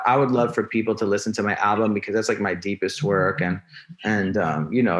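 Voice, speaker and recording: Laid-back, lower-voiced man rambling in an interview. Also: fairly bright tone. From New Jersey. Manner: rambling, many fillers and restarts, laid-back. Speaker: guest, rapper. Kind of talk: casual interview chat.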